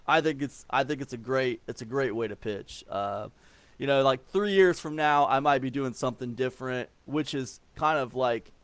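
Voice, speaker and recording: A man from Ohio, in his forties, explains email marketing in an easygoing, rambling way, often restarting and leaning on fillers and repeated words. His medium-pitched voice sounds fairly bright and clean at a normal speed, with no echo.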